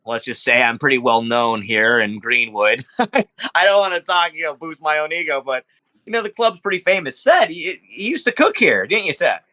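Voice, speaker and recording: A man's voice: on the high side, animated, moderate pace, bright, forceful tone. A man voicing a flamboyant male club owner who plays the showy host with nervous undertones.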